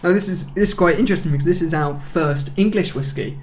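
Podcast host, male, somewhat raised pitch, chatty and teasing in relaxed conversation. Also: fast talker, a little hiss or hum. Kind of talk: casual chat.

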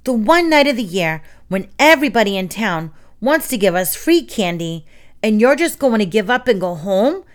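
A woman's voice: medium pitch, very animated, moderate pace, natural voice. A woman reading aloud, voicing a hyper, sugar-crazed young girl who talks in a frantic rush. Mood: frenzied. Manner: frantic, squealing, jittery. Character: hyper candy-crazed girl zombie-story kid.

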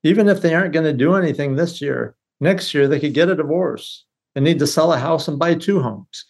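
Speaking a little fast in a slightly high, creaky voice, a real estate business leader chats as a guest on a podcast. The conversation is casual, and he comes across blunt and lively, often breaking off to start a phrase over.

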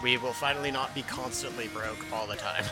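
A man's voice: medium pitch, fairly even intonation, fairly quick, over loud music. A man co-hosting a podcast in casual chat, laughing and swearing often, with many restarts. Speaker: podcast co-host.

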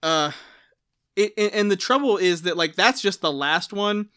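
A man's voice: sits high, lively intonation, normal speed, sharp tone, smooth, dry recording, clean studio sound. A man co-hosting a casual book podcast, earnest and apologetic, often restarting his sentences. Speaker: podcast co-host.

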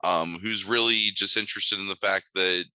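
A man co-hosting a casual movie podcast, his voice low and strikingly forceful. He delivers wry, sardonic put-downs with plenty of ums. The sound is close and dry, with no room echo. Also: fairly even intonation, moderate pace. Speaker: podcast co-host.

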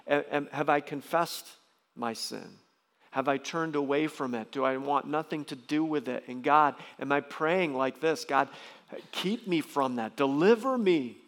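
A man preaching a sermon as pastor, emphatic, often jumping into loud, high bursts. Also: creaky. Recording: long reverb of a large hall.

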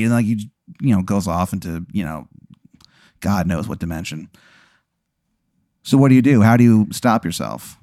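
Guy hosting a podcast, rambly comedic storytelling, lowish voice, dead dry sound. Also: normal speed, warm tone, dry recording. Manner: rambling, lots of fillers and restarts. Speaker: podcast host.

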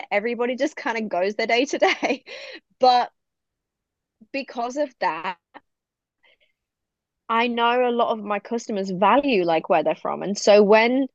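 A woman's voice: fairly high pitch, lively intonation, measured pace, long pauses, no echo. A British woman from the UK chatting as an enthusiastic interview guest, with lots of fillers and laughter. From United Kingdom. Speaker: podcast guest, business owner. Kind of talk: casual interview chat. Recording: dull, dry recording.

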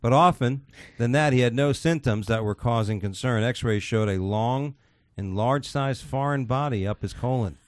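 A man's voice: medium pitch, normal speed, hardly any pauses, no echo, studio quality. Crude, laughing male podcast host. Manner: crude, loose, swears often, laughs while reading. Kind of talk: casual comedic chat, reading news stories.

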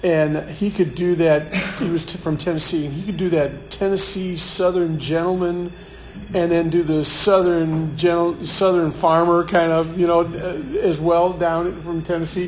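A man's voice: fairly high pitch, darkish tone, slight background noise. Chatty man leading a Bible study. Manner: conversational, repeats words and restarts, chuckles. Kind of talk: live Bible study teaching. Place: room with a live group.

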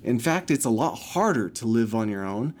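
A man's voice: mid-range voice, expressive, moderate pace, darkish tone. A young man hosting a podcast, talking openly and angrily about family troubles, swearing often. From California. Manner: frustrated, ranting, swears often, mimics his mother. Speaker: podcast host. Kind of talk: personal monologue.

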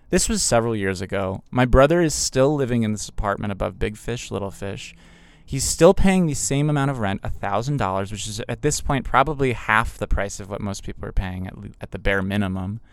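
A man's voice: fairly low pitch, fairly quick, smooth, no echo. A man telling a personal story in a casual, conversational way, with fillers and restarts.

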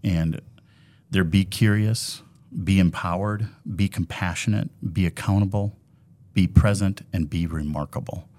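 A man's voice: low voice, steady tone, unhurried, darkish tone. A man from Minnesota with a Minnesotan accent, a credit union chief talking earnestly and upbeat about leadership as a podcast guest. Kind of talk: casual interview.

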